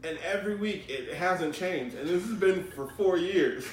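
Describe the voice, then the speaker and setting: A man's voice: sits high, animated, normal speed, recorded from a distance. A man co-hosting a podcast, telling anecdotes casually, swearing freely and laughing through his lines. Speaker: podcast co-host. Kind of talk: casual chat. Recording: echoey room, mic set back, faint hiss.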